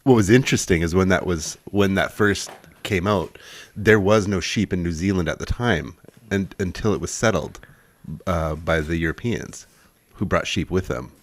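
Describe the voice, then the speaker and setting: A man's voice: deep voice, normal speed, dry recording. A man co-hosting a casual podcast, quizzing his partner on odd words, laughing often and spelling words out. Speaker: podcast co-host quizzing on word meanings.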